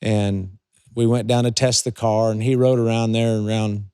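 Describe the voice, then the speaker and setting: Older man telling racing stories, low voice. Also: flat delivery, moderate pace, mellow, smooth, no echo, studio quality. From California. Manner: rambling anecdotes with many restarts. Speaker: guest, retired racing driver. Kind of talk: storytelling in a casual interview.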